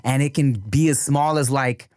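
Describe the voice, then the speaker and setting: A man's voice: medium pitch, normal speed, darkish tone, dry recording. A man co-hosting a podcast in casual chat, talking laid-back and full of slang, laughing often, on a studio mic. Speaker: podcast co-host.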